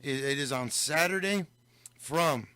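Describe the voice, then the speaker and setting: A man's voice: a little high, unhurried, sharp tone, no echo. A man hosting a local radio show, telling a story and switching between English and Spanish. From Del Rio, Texas. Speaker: radio host. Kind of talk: casual radio talk.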